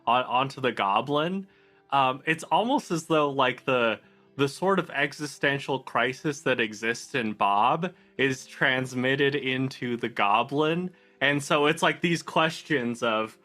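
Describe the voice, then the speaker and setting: Slow, hesitant man playing a tabletop game. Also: medium pitch, pushed and bright, soft background music. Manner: hesitant and thoughtful, many fillers. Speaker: player. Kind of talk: casual tabletop game play.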